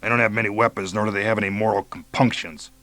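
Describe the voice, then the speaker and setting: A man's voice: lowish voice, fast, no room sound, close to an everyday voice. A man playing a ruthless commando major who speaks matter-of-factly and barks orders. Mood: deadpan orders. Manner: deadpan, matter-of-fact, shouting orders.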